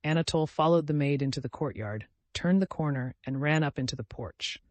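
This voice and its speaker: A man narrating an audiobook in a measured storytelling voice. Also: on the high side, dry recording. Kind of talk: scripted narration.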